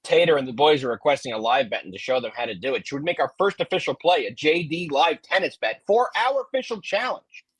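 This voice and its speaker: A man co-hosting a sports betting podcast who talks fast and pushes hard, like a sales pitch. His voice is husky and a bit high for a man. The sound is dry and close, with no room echo. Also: expressive. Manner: hyped, teasing, sales-pitch energy. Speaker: co-host.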